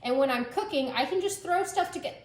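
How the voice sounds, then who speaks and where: Chatty, high-voiced woman hosting a home cooking video; casual and jokey in an echoey kitchen. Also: expressive, fairly quick. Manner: chatty, joking, lots of "like" fillers. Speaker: cooking vlog host.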